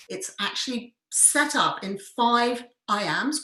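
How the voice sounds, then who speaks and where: A woman theatre director who leads a workshop and tells the story with enthusiasm and expressive examples. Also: a little high, moderate pace, hardly any pauses. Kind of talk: storytelling lesson. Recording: roomy echo.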